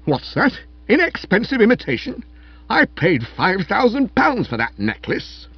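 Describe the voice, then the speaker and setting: A man's voice: high-pitched, huge pitch swings, a little slow, husky, dry recording, recorded from a distance, pitched above the performer's own voice, heavily acted. A man voicing a wealthy, blustering older man who speaks in a raised, outraged voice, in a dull-sounding recording. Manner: outraged and spluttering.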